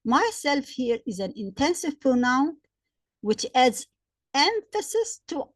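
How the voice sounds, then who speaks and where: A woman gives a grammar lesson with a fairly high voice. She works through example sentences slowly and repeats each point, and her voice sounds dry and close, with little room around it. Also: very animated, dry recording. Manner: slow, repetitive explaining with examples. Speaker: English grammar teacher.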